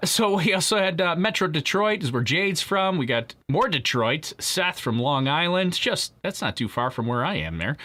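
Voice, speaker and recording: A man's voice: on the high side, bright, forceful tone. A man hosting a live stream, chatting casually with viewers, joking and laughing often. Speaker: livestream host.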